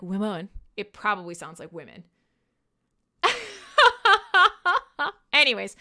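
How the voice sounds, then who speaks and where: A woman hosts her own music livestream as a radio-style host, chatting casually with viewers in a rambling, self-deprecating manner, swearing casually and laughing often. Her voice is fairly high in pitch with a sharp tone.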